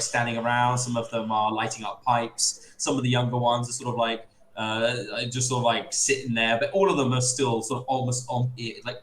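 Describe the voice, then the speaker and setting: A man's voice: mid-range voice, fairly bright tone. A man narrating a tabletop game scene, rambling and restarting his descriptions. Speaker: game master. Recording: echoey room with crowd noise.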